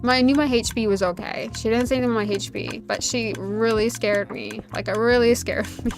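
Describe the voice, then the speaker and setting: A woman's voice: a little high, fairly even intonation, a little fast. A woman streaming a game, telling a personal story in a rambling, chatty way with plenty of "like" fillers. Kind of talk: casual chat while streaming a game. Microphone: desk USB microphone. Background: faint background music.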